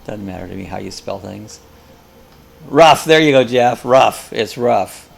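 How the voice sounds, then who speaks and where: A man's voice: lowish voice, lively intonation, normal speed, vocal fry, husky. A man hosting a casual live chat, rambling and joking as he tells stories. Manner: rambling, jokey storyteller.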